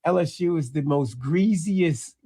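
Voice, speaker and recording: A man's voice: fairly high pitch, measured pace, warm tone, husky. A man co-hosting a sports radio talk show, arguing emphatically and repeating phrases for effect. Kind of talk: casual sports talk debate. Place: radio studio.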